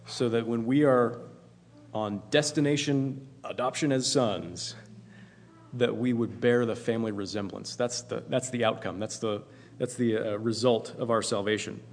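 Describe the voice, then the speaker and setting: A man with a medium-pitched, darkish voice preaches a sermon earnestly and emphatically, often repeating himself for emphasis. The recording has long hall reverb.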